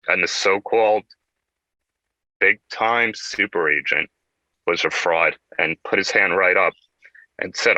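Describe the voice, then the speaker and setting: A man's voice: low-pitched, steady tone, moderate pace, pushed and bright, dry recording, lo-fi sound. A middle-aged man, a talk-show guest, earnestly and vividly telling a personal story.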